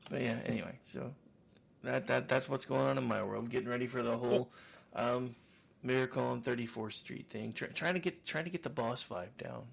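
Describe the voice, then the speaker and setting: A man's voice: mid-range voice, moderate pace, vocal fry, husky. A man co-hosting a casual podcast chat, rambling and joking, laughing often. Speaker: co-host.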